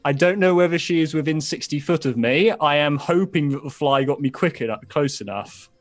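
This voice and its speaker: A man's voice: fairly high pitch, brisk, faint music behind. A man taking part as a tabletop game player, hesitant and counting out his moves aloud.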